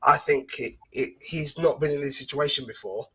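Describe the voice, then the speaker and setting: A man appearing as a guest fan pundit on a football podcast, arguing passionately and rapidly in casual debate. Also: medium pitch, pushed and bright, husky.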